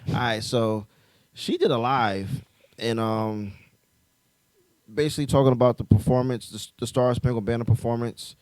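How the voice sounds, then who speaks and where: A man's voice: medium pitch, moderate pace, a little mellow, clear, resonant tone, no echo. A man hosting a casual podcast, laid-back and full of ums as he moves between topics. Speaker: podcast host.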